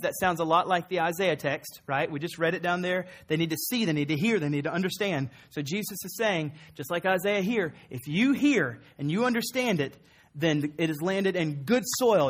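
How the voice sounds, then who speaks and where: A man's voice: high-pitched, a bit bright. A man preaching a sermon as pastor, earnest and emphatic, repeating phrases for effect.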